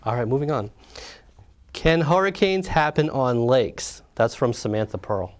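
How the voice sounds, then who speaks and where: A man's voice: mid-range voice, expressive, a little slow. A man co-hosting the show who reads viewer questions and adds dry quips. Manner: dry, wry straight man. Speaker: co-host reading questions. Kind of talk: joking Q&A banter.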